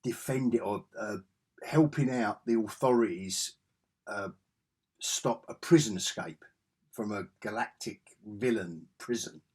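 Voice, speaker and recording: A man's voice: lowish voice, a little slow, a little mellow, breathy edge. A man talking through comic books in a casual review vlog, chatty and enthusiastic.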